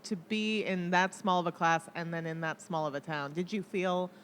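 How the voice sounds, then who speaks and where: A woman's voice: lowish voice, steady tone, moderate pace. Teasing woman co-host, faint hiss. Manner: teasing, chatty, lots of backchannel yeses. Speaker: podcast co-host. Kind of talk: casual podcast chat.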